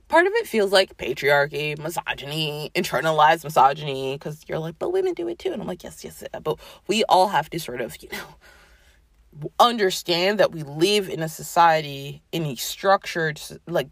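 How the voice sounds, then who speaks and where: Woman podcast host, lively swooping delivery, profane sarcastic rant, dry close mic. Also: on the low side, no echo. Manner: animated, profane, sarcastic, mock-quoting others. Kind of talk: casual ranting monologue.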